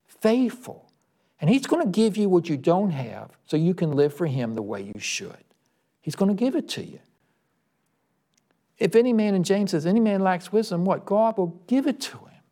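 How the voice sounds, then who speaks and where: A man preaching a sermon, emphatic and questioning, who breaks into a story and pushes his voice up high at the key points. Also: mellow. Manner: emphatic, rising to high-pitched exclamations.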